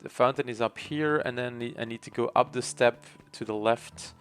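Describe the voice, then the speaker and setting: A man streaming a game, chatting casually with relaxed, chuckling asides. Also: mid-range voice, normal speed, smooth, soft background music. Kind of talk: casual gameplay commentary.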